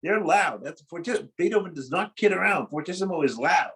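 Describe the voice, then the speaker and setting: A man's voice: fairly high pitch, lively intonation, fairly quick, poor audio. A man coaching a piano student in a lesson, blunt and corrective, often stopping the student to explain dynamics. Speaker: piano teacher in a masterclass. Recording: loud piano playing behind the voice.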